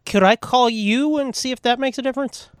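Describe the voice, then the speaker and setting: A man's voice: extremely high pitch, fairly quick, smooth, no echo. A man hosting a podcast, telling stories in a profane, laughing casual chat. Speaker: podcast host.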